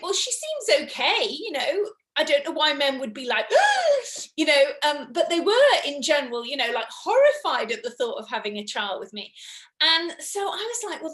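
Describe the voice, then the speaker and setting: Chatty woman guest, slightly high voice. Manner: chatty, lively quoting of others. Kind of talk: casual spiritual conversation. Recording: roomy echo.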